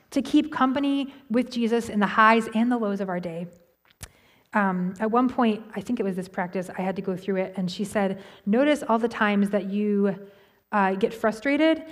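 A woman's voice: on the high side, a little mellow. Woman preaching in an echoing hall. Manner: conversational, frequent fillers and restarts. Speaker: pastor. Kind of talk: sermon.

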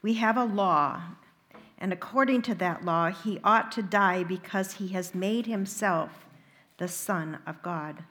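A woman reading the lines of an angry accusing crowd of men in a liturgical Gospel reading, loud and insistent. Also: medium pitch, a little slow, natural voice.

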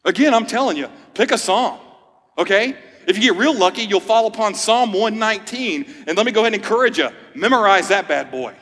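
A man's voice: high-pitched, animated, fairly quick, fairly bright tone, husky, long reverb tail. A man in his thirties, a pastor, preaching a sermon in a conversational way with joking asides. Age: 30s.

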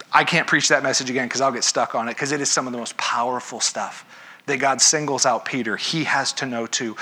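A man's voice: medium pitch, a little fast, sharp tone. A man preaching a sermon, telling the story with animation and acting out the characters. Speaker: pastor.

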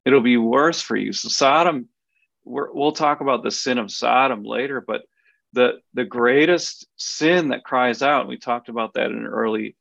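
A man with a deeply gravelly, creaky voice talks through a Bible passage for a podcast. He is earnest and conversational, circling back and restarting as he reaches for the right words. The sound is dry and a little dull, as if heard through a modest microphone. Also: normal speed, a bit bright, no echo. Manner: earnest, thinks aloud with many restarts and fillers. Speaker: podcast co-host.

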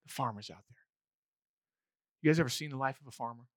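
A male pastor preaching a conversational sermon, animated and acting out little voices as he goes. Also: medium pitch, quick pace, no echo, clean studio sound.

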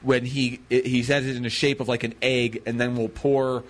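A man's voice: mid-range voice, little pitch movement, normal speed. A man co-hosting a radio show in casual banter, rambling and playful, sometimes slipping into silly voices. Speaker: radio co-host.

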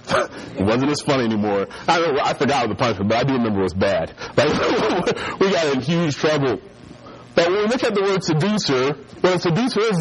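A man's voice: on the high side, low-quality recording. A man preaching a sermon and telling a childhood story, acting out the voices of the people in it. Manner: animated storyteller who acts out voices.

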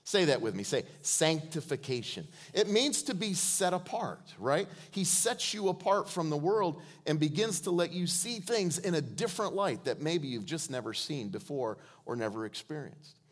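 Male guest preacher, light-pitched, playful, church sermon with call-and-response. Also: animated, normal speed, few pauses. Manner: joking, calls on the congregation to respond.

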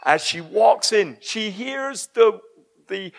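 Male preacher, high voice, emphatic sermon delivery with shouted peaks. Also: animated, takes it slowly, gravelly.

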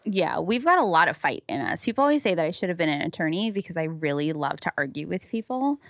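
A woman in her thirties co-hosting a podcast, telling stories in a lively way and acting out the people she quotes. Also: lowish voice, quick pace, no echo, clean studio sound. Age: 30s. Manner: animated storyteller, acts out quoted people. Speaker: podcast co-host. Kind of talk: casual chat, storytelling.

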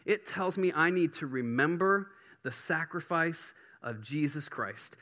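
Middle-aged male preacher, bright and slightly high voice, casual then fiery sermon delivery. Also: lively intonation, unhurried. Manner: conversational, builds to emphatic preaching. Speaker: pastor. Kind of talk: sermon teaching on prayer.

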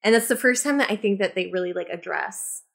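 A woman's voice: medium pitch, fairly quick, gravelly. A woman on a casual movie podcast, telling stories animatedly with lots of fillers. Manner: animated storytelling with many fillers. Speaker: podcast co-host.

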